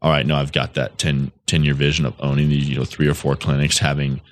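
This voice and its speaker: A chiropractor talking as a podcast guest, rambling in a loose, easygoing way and laughing easily. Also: male voice, extremely low pitch, flat delivery, quick pace, no echo. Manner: rambling, full of fillers and restarts, laughs easily. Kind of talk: casual chat.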